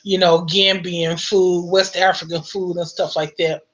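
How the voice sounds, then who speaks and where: American woman, casual storyteller, slow and bright, lots of "you know," dull lo-fi recording. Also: on the low side. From United States. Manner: animated, laughing, heavy use of "you know". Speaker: vlogger.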